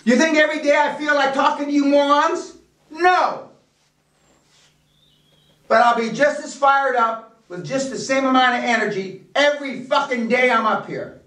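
A man's voice: extremely high pitch, fairly quick, bright, forceful tone. An older American man giving a blunt, profane motivational seminar talk to a room. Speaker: seminar speaker. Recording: echoey room, speaker far from mic.

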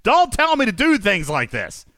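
A man's voice: high-pitched, moderate pace, no echo. A man hosting a casual live stream, reading chat aloud and reacting with exasperation. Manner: animated, exasperated, reads chat comments aloud. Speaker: livestream host.

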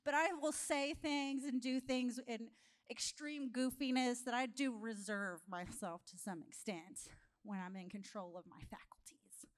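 High-voiced, animated woman preacher. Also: a little slow. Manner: animated storytelling, laughing often, conversational. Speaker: guest preacher. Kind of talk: humorous sermon.

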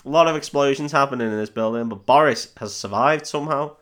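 A man's voice: medium pitch, quick pace, a bit bright. A man co-hosting a podcast, casually recapping a film, laughing often, swearing and acting out the characters' lines. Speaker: podcast co-host.

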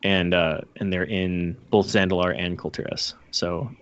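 A man co-hosting a casual gaming podcast, gushing and excited. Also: low-pitched, a little slow, smooth, muffled recording. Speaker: podcast co-host.

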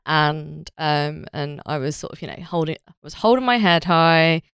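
A woman, a podcast co-host telling stories in a wry, animated way during casual chat. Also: low-pitched, normal speed, clean tone, dry recording, clean studio sound.

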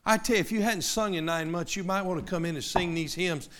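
Middle-aged man preaching, bright tense voice, goes loud then drops to a hush. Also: high voice, fast. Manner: emphatic, dramatic swings from loud to hushed. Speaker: pastor. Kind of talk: sermon.

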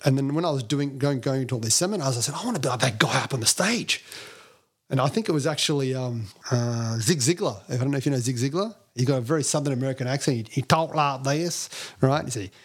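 A man, a podcast guest who tells animated, self-deprecating stories and acts out other people's lines. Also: medium pitch, fast, hardly any pauses, breathy edge. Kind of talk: storytelling interview talk.

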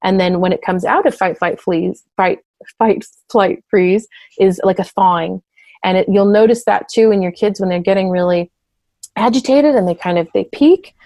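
A woman therapist explaining things in conversational interview talk, and at times acting out quick voices. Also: medium pitch, dark tone, no room sound. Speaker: therapist and parent coach.

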